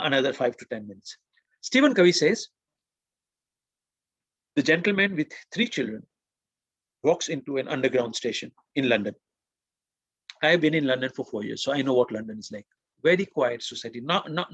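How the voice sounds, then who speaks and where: A man from India giving a motivational webinar, telling stories and acting out the quotes with lively emphasis. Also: on the high side, slightly rough, no echo. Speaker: webinar presenter.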